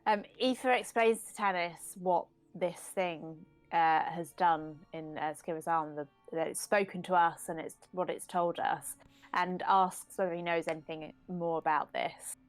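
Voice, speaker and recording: A woman's voice: lowish voice, steady tone, a little slow, soft background music, low-quality recording. A woman in casual chat as a player in a tabletop game, hesitantly describing her character's actions.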